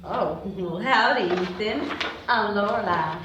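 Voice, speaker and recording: A woman's voice: mid-range voice, slow pace, highs cut off, lightly acted. Woman doing a Southern belle, put-on Southern US drawl, folksy, flirty, distant roomy recording. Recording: roomy, distant, faint hiss.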